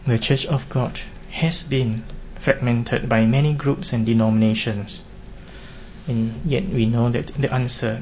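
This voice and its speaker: A man preaching a sermon in an earnest, measured way, pressing his points with emphatic rises. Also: mid-range voice, darkish tone. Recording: dull lo-fi recording with faint hiss.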